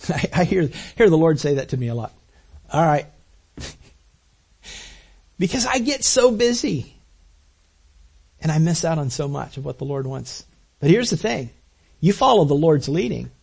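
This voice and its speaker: A man pastor giving a conversational sermon, preaching with animated quoted asides. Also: a little high, slightly rough.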